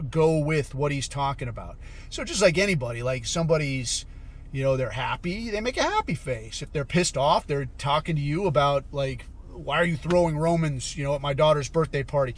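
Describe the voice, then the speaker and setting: A man's voice: a little high, slight background noise. A man hosting a podcast, ranting in a blunt, profane and sarcastic way. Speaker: podcast host. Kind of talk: casual commentary rant.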